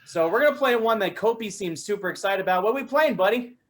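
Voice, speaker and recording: A woman's voice: mid-range voice, expressive, fast talker. A woman co-hosting a casual video chat in a playful, teasing manner. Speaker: host.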